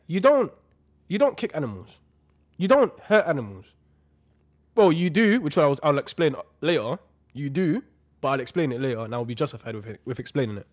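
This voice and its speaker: A young man, chatting casually as a podcast co-host, animated and slangy with frequent laughter. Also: fairly high pitch. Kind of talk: casual chat.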